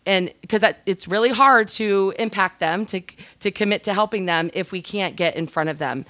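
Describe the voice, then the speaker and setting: A woman's voice: medium pitch, normal speed, fairly bright tone, dry recording. A woman hosting a business podcast, upbeat and steering the conversation. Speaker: podcast host. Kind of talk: casual podcast chat.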